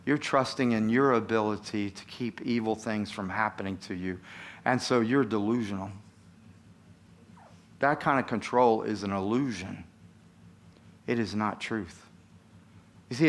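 A man's voice: medium pitch, a bit bright. A man, a pastor, preaching a sermon in a conversational way and putting questions to his congregation.

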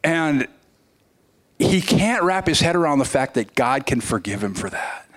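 A man's voice: medium pitch, big pitch swings, unhurried, fairly bright tone. A man giving a sermon as a visiting preacher, telling a story in a conversational way with frequent restarts and fillers. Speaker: guest preacher.

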